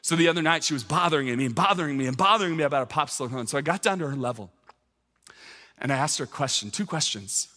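Male pastor preaching, fervent and repetitive, bright forceful tone, long church reverb. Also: a little high, expressive, quick pace. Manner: storytelling, then rising to fervent exhortation. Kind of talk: sermon. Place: church sanctuary.

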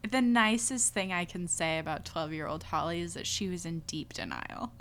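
A woman's voice: fairly low pitch, lively intonation, fairly bright tone, slight background noise. A woman co-hosting a casual podcast, reacting with short quips and agreement. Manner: reactive, quick quips and backchannel. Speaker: podcast co-host. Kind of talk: casual chat.

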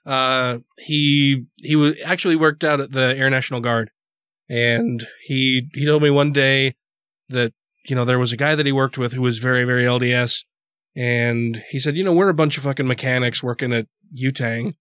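A man's voice: medium pitch, fairly even intonation, moderate pace, a bit bright, clear, resonant tone, dry recording. A man telling a crude anecdote in a casual podcast chat, laughing often and swearing freely. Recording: dry, dull lo-fi sound.

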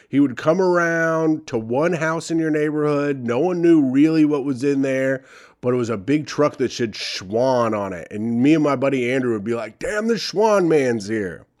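A man's voice: a little high, moderate pace, darkish tone. A young man reading advice letters aloud and ranting about them with sarcastic, profane commentary. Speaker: comedy podcast host reading advice columns.

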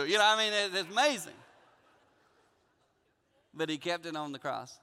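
A man giving a guest sermon, telling a funny personal story in an animated, jokey way in a church auditorium. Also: high voice, brisk, pauses often, smooth, in a large hall. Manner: animated, jokey, acting out dialogue. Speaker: guest pastor.

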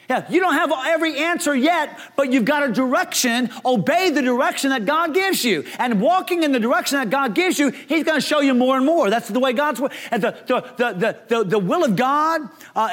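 A man preaching a sermon as pastor, with energetic delivery, humorous asides and frequent restarts. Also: extremely high pitch.

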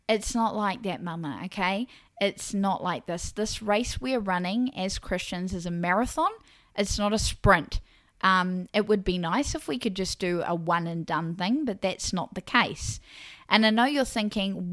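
A woman's voice: mid-range voice, lively intonation, a little slow, dry recording. Earnest encouraging woman podcast host. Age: adult parent of a young child. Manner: earnest, encouraging, speaks straight to listeners as "Mama". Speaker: Christian parenting podcast host. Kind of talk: faith-based podcast monologue.

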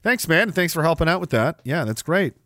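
A man's voice: a little high, animated, a little fast, sharp tone, no room sound, clean studio sound. A man from Canada hosting a livestream, reading chat messages and ranting sarcastically with plenty of swearing. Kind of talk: casual live-stream talk.

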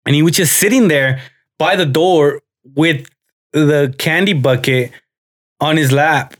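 A man's voice: on the high side, a little slow. A young man co-hosting a podcast, telling stories in casual chat, profane and laughing often. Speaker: podcast co-host.

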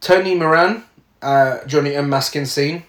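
Man with a higher voice reading trivia. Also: normal speed, roomy sound. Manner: reads facts aloud with frequent uhs and laughs. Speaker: podcast co-host reading film trivia. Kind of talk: casual chat reading trivia notes.

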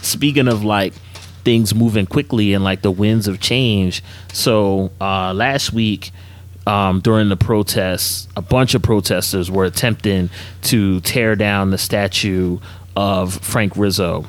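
A man co-hosting a podcast in casual chat, relaxed and slangy with many fillers. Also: on the low side, slow, no room sound. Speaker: podcast co-host.

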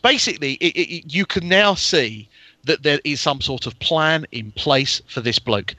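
Bright-voiced man, enthusiastic podcast host. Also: a little high, lively intonation, normal speed, no echo. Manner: enthusiastic, theorizing. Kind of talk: casual chat.

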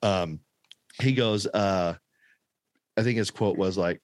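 Male podcast co-host, low voice, dry sound, animated casual storyteller. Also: slow, long pauses, no room sound. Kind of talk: casual chat.

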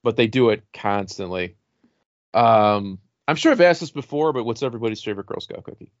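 A man's voice: fairly low pitch, a little fast, no echo. A middle-aged man hosting a casual podcast chat, rambling and swearing freely as he tells stories. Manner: rambling, swears freely, laughs at own jokes. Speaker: podcast host. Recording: dull lo-fi podcast mic.

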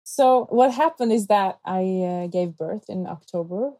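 A woman in her thirties, a pastor and podcast guest, telling personal stories in a lively way and acting out the people she quotes. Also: medium pitch, moderate pace, poor audio. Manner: animated, acts out quoted voices. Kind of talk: conversational storytelling.

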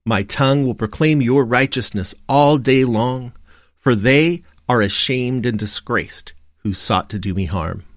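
A man reading morning prayer and scripture aloud in a measured, steady recitation. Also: medium pitch, dry recording, clean studio sound. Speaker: liturgy reader.

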